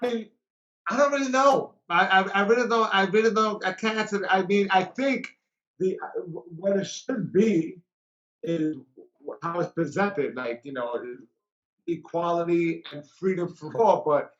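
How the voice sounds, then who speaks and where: A man's voice: high-pitched, a little slow, a bit bright, muffled recording. A man who is a comedian guest, telling a story in casual chat and acting out other people's lines.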